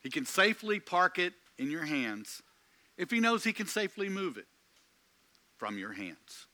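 Man preaching slow, big swings in pitch, bright edge, dry sound. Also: very animated, no room sound. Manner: slow, emphatic preaching with dramatic pauses. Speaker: pastor. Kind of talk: sermon.

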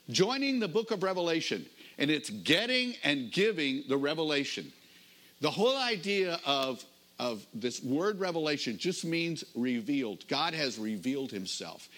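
A middle-aged pastor delivers a sermon like a conversational story, slowing down to stress key phrases. His voice sits at medium pitch with a slightly bright quality.

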